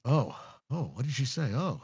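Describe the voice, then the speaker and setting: A man's voice: mid-range voice, sing-song, moderate pace, darkish tone, slightly rough, no room sound. A man hosting a sports podcast, giving casual solo commentary with blunt, profane rants. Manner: blunt, profane, ranting asides. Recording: dull, dry lo-fi sound.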